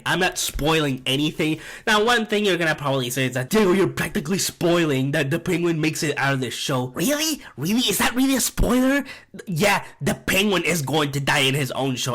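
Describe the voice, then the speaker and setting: A man's voice: a little high, a bit bright. A man giving a casual spoken review, ranting animatedly and swearing often. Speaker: video reviewer.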